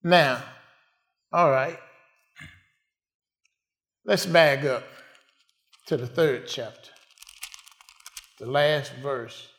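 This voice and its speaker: A man's voice: mid-range voice, drawn-out words, creaky, pauses often, a bit bright. A man preaching a sermon in a call-and-response way, asking the congregation questions and answering them.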